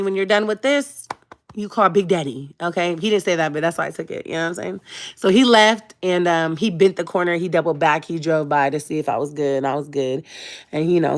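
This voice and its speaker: A woman's voice: lowish voice, fairly bright tone. A young woman tells her own story on a livestream. She talks casually and chattily, with joking asides to her viewers and plenty of laughs. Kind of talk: casual storytelling to a live chat.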